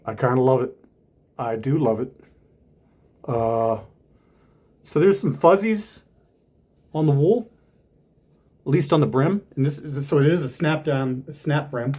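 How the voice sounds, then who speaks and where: A man's voice: medium pitch, unhurried, pauses often, a little mellow, slightly rough. A man casually talking through an unboxing of hats, rambling with lots of fillers and restarts.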